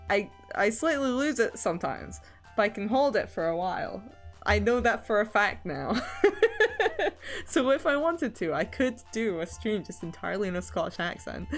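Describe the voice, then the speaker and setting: Brief: woman streamer, casual rambling chat, lots of ums and giggles, animated pitch. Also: creaky. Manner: rambling, many fillers, laughs often.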